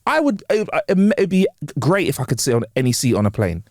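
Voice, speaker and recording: Male podcast co-host, casual and slangy, very lively pitch, dry close sound. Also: fairly quick, no room sound. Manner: animated, slangy, swears, laughs often. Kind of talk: casual chat.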